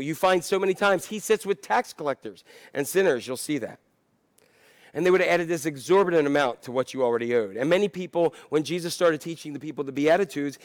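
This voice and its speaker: A middle-aged man preaching a sermon in a conversational, reflective way, with asides and restarts. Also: on the high side. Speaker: pastor.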